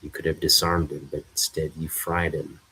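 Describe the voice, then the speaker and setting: A man's voice: extremely low pitch, little pitch movement, moderate pace, sharp tone, a little hiss or hum, exaggerated voice, poor audio. A man voicing a blunt, accusing armored male hero, reading a comic aloud.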